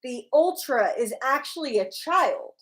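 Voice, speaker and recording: A woman co-hosting a casual livestream chat, animated and teasing. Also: high voice, unhurried. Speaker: livestream co-host.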